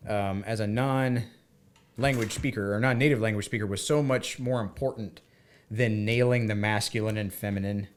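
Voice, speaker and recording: A man's voice: on the low side, moderate pace. A man from the United States, co-hosting a podcast and telling a story in casual chat, acting out the dialogue. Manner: animated, acts out dialogue. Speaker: podcast co-host.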